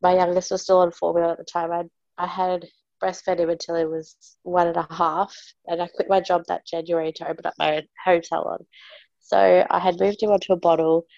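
A woman, telling a story in animated, exasperated casual talk. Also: brisk, gravelly, no echo. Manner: animated, exasperated, mimics others in raised pitch. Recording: slightly dull, dry recording.

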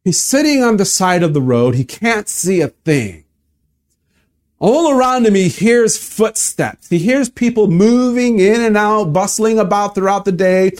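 A man's voice: high-pitched, unhurried. A male pastor telling a story in a sermon, vividly asking listeners to imagine the scene. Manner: animated, vivid retelling, inviting listeners to imagine.

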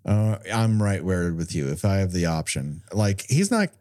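A man's voice: sits low, big pitch swings, moderate pace, dark tone. A man co-hosting a podcast, retelling a film in a sarcastic, profane, chatty way. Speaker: podcast co-host. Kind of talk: casual film chat.

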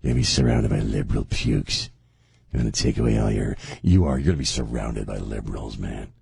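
A man's voice: extremely low pitch, brisk, creaky, a little mellow, slight background noise. A male radio host in casual on-air banter, teasing and sarcastic, often laughing. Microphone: studio microphone.

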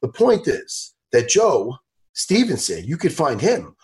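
A man hosting a podcast in casual chat, excitable and animated, laughing often and acting out what others said. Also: fairly high pitch, slow. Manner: animated, excitable, laughs a lot, acts out impressions loudly. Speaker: podcast host.

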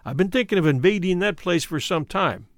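A man's voice: sits high, animated, brisk, no room sound, studio quality. A man voicing a defiant elderly woman labor organizer who answers firmly, in an audiobook reading. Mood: resolute.

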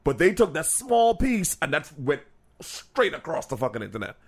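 A man co-hosting a casual podcast, animated and laughing, acting out quotes in different voices. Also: fairly high pitch, normal speed. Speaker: podcast co-host.

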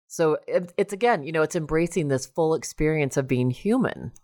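A woman's voice: low-pitched, lively intonation, moderate pace, mellow. A woman podcast host speaking earnestly and reflectively with her guest. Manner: reflective, earnest, many fillers. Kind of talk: casual podcast interview.

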